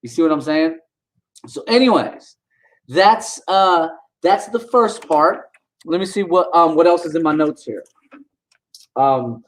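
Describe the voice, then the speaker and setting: A man's voice: a little high, a little slow, long pauses, rough recording. A man vlogging, ranting indignantly and talking straight to his viewers in a casual way. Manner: indignant, animated, talks to viewers directly.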